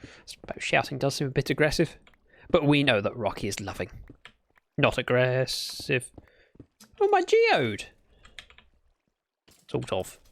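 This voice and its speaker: Playing a game live, a man from Britain keeps up loose, playful chatter that wanders and often corrects itself. He speaks at normal speed in a creaky, mid-range voice.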